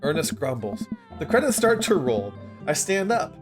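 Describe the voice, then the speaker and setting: A man reads a dating-sim game aloud with animated, comic delivery. His voice sits fairly high with big, lively swings in pitch. Clear background music plays under everything. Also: normal speed. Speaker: let's play host. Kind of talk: reading a visual novel aloud.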